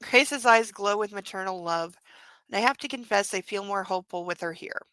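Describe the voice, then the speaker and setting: A woman reading a novel aloud with sarcastic, irreverent commentary, sometimes dropping to a hush. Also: mid-range voice, normal speed, no room sound, poor audio. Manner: wry and irreverent, drops to a hushed whisper for some narration. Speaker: book club podcast host.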